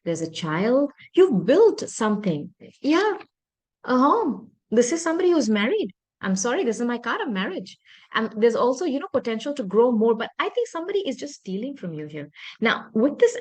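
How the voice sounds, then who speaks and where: A woman's voice: on the high side, sing-song, normal speed. A woman giving a tarot reading, talking earnestly to her viewers and often apologizing or thinking aloud. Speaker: tarot reader.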